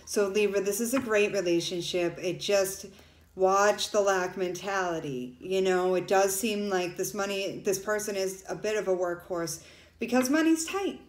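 A woman's voice: mid-range voice, normal speed, roomy sound. A woman doing a casual tarot reading for viewers. She talks loosely and emotionally and turns tearful at times. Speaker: tarot reader.

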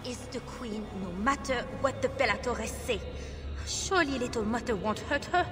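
Timid temple helper, woman, higher voice, long hall echo, game music under. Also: normal speed, natural voice. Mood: uneasy. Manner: hesitant, worried. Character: uneasy young woman temple assistant, timid and troubled.

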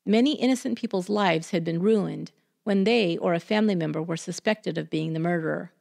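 A woman hosting a podcast, reading a scripted true crime story in a measured, deliberate way. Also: on the low side, creaky, darkish tone.

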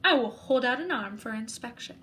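Woman doing Ralph, a prim high-voiced monster. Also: animated, a little fast, fairly bright tone, a little hiss or hum. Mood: courteous. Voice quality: high, silky voice. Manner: formal and overly polite. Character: prim, well-groomed male monster with polished claws.

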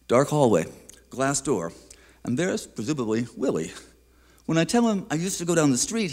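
Guy reading his poems at a live museum event, thoughtful, unhurried, pauses to gather his thoughts. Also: medium pitch, a little mellow. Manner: reflective, unhurried, hesitant between thoughts. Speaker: featured poet. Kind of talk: poetry reading with spoken introductions.

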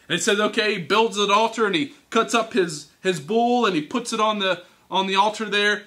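A man preaching to teens, telling a Bible story with animated, teasing character voices. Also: high voice, brisk. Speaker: youth speaker. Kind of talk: youth sermon storytelling. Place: church hall.

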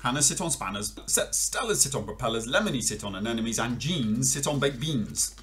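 A man voicing a clever, bossy male frog, reciting rhymes in a brisk rhythm from a storybook. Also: medium pitch, animated, a bit bright, a little hiss or hum, natural voice. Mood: brisk, rhyming.

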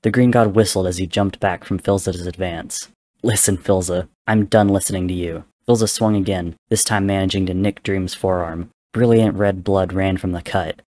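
A man giving a dramatic reading of a story, narrating in a steady, grave storytelling manner. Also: sits low, moderate pace, hardly any pauses, no room sound. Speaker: reader. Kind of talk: dramatic reading of fan fiction.

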